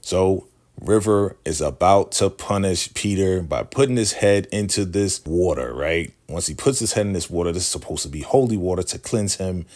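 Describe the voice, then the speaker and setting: Deep-voiced male vlogger, casual episode recap, chatty and conversational. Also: moderate pace, darkish tone. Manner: chatty, keeps asking "right?", acts out quotes. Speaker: show recapper.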